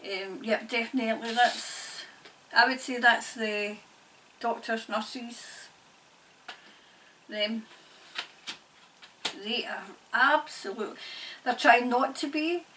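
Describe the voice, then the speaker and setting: A woman giving a spirit-channelling reading in halting, repetitive, murmured phrases. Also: a little high, pushed and bright. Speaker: tarot reader and medium. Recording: distant mic, faint background noise.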